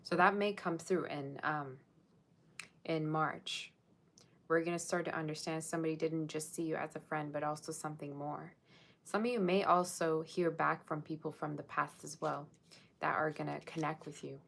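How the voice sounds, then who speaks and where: A woman's voice: deep voice, steady tone, moderate pace, vocal fry, a bit bright. A woman giving a casual live-streamed tarot reading, chatting straight to her viewers in a musing, tentative way. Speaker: tarot reader.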